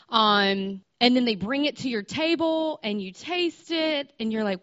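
A woman's voice: a little high, animated, measured pace, fairly bright tone, lo-fi sound. A woman in her thirties giving an informal sermon, telling a story in a conversational way, with restarts and questions put to her audience. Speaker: speaker at a church gathering.

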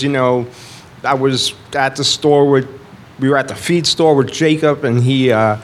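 A man's voice: mid-range voice, a little hiss or hum. A man casually telling a church testimony, rambling and full of "like" and restarts. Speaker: church speaker sharing a testimony.

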